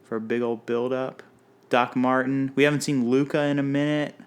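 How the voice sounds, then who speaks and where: Man, podcast co-host, casual chat, playful, punning, middle pitch. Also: level tone, moderate pace, clean tone. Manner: playful, punning, runs a quiz game.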